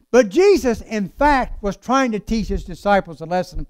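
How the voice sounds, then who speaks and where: A man preaching a sermon with passion, drawing out key words slowly and then rushing through quick asides. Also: sits high, lively intonation, clear, resonant tone, no room sound, studio quality. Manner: impassioned, swings between slow emphatic lines and fast asides.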